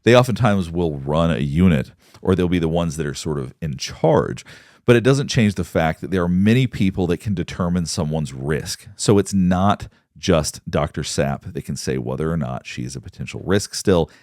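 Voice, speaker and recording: A man, a psychologist, giving measured, explanatory commentary on court footage. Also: low voice, lively intonation, a little mellow, dry recording, studio quality. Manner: explanatory, measured, pauses to point things out. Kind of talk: analytical commentary.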